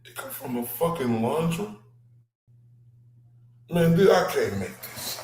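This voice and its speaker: A man hosts, reacting to clips in a heated, profane, repetitive rant. His voice sits a little high and moves at an unhurried pace. The room around him rings with a noticeable echo. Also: expressive, slight background noise. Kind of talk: profane ranting reaction commentary. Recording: roomy echo.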